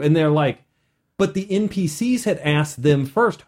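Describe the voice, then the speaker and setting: A man hosting a casual podcast as a game master, animated, with many restarts. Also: high-pitched, normal speed.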